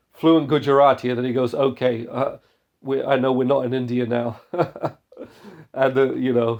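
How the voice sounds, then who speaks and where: A man with a gravelly, creaky voice hosts a Christian missions podcast. He talks in an earnest, exhorting way and often restarts his phrases. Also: medium pitch, a little mellow, dull audio. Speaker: podcast host.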